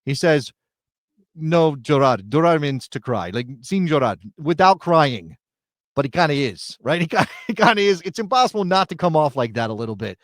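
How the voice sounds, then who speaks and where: A man co-hosting a sports talk show who lays out his arguments deliberately and analytically. He speaks into a studio mic with a dry, close sound. His voice is a little high for a man. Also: expressive, no echo. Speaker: podcast co-host.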